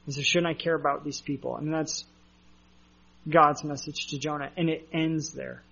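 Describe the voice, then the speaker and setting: A man's voice: fairly high pitch, steady tone, moderate pace, gravelly, bright, forceful tone, lo-fi sound. A man preaching a sermon as a pastor, conversational with asides and fillers.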